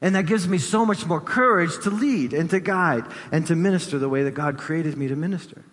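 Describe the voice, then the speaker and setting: A male pastor delivers an emphatic sermon in a slightly higher voice, stacking up repeated phrases to drive each point home. His voice rings out with a long reverb through a church hall. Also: a little fast, a bit bright.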